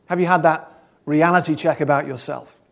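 A man preaching a sermon, earnest, asking probing questions and swinging between loud and soft. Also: a little high, fairly even intonation, moderate pace, vocal fry.

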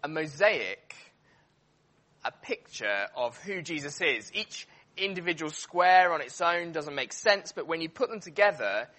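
A man preaching a sermon, emphatic and animated, with frequent fillers and restarts. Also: on the high side, a little slow.

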